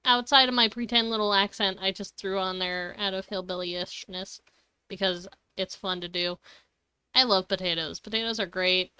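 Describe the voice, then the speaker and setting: A woman's voice: lowish voice, sharp tone, clear, resonant tone, no echo. A woman streaming a video game live, chatting casually, giggling often and swearing freely. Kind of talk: casual live gaming commentary.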